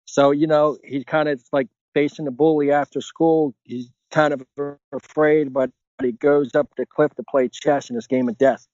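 A man's voice: mid-range voice, darkish tone, dry recording, highs cut off. A middle-aged man speaking earnestly and casually as a podcast guest, rambling with many filler phrases. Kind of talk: casual conversational interview.

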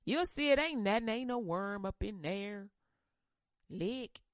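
A woman voices a sly, coaxing devil, soft and unhurried. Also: mid-range voice, lively intonation, no echo, clean studio sound, natural voice. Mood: wheedling. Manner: wheedling, hushed. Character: sly wheedling tempter Satan, male.

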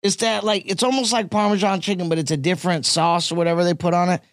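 A fairly high male voice, excitable and full of slang and profanity, a comedian in a relaxed chat. The recording is close and dry, with no echo. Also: fast talker.

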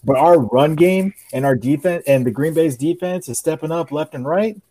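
A man's voice: on the high side, moderate pace, warm tone, low-quality recording. A man on a podcast, arguing football with enthusiastic, insistent fan talk. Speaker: podcast co-host. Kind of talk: casual chat about football.

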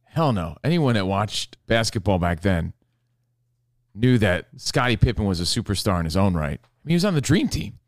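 A man's voice: on the low side, big pitch swings, normal speed, dry recording, studio quality. A man hosting a casual sports talk show, laid-back and sure of his opinions.

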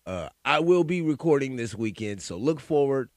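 A man's voice: mid-range voice, expressive, moderate pace, no room sound. A man hosting a podcast, reacting with profane disbelief and stammering as he talks. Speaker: podcast host. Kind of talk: profane comedic commentary.

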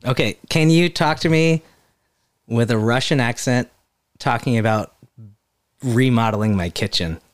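A woman in casual conversation, lively and laughing as she throws out accent challenges. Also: rumbling low, unhurried, pauses often. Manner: lively, prompting with prompts and laughter. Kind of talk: casual chat.

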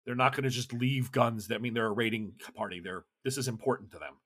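A man's voice: mid-range voice, quick pace, pushed and bright, husky. A man narrating a tabletop game as game master, loose and chatty with many restarts.

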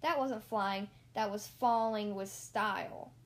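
A woman reading a storybook aloud and voicing a worried, bossy male cowboy toy who speaks in urgent, hushed tones. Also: mid-range voice, slow pace. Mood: dismissive.

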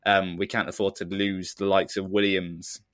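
A podcast co-host with a low, level, fairly bright voice chats casually at a normal speed. He rambles, pokes fun at himself, and laughs frequently. The sound is clean studio audio with no room sound.

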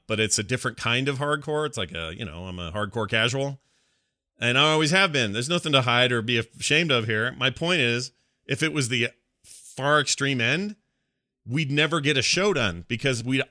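A man's voice: medium pitch, normal speed, bright, forceful tone, no echo, clean studio sound. A middle-aged man hosting a podcast, chatting casually and ranting with playful exasperation. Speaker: podcast host. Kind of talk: casual chat.

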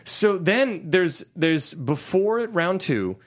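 A man chats through a film recap with a lively, swooping delivery that climbs somewhat above the usual male register. He talks casually and keeps dipping his voice low and gruff whenever he quotes a character. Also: slow. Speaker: podcast co-host. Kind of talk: casual movie recap chat.

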